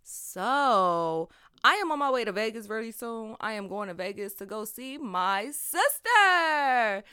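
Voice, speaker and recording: A woman's voice: fairly high pitch, very animated, a little slow, bright, forceful tone, clean tone, no echo. A woman hosting her own podcast in casual, slangy, talkative chat on a close mic. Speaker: podcast host.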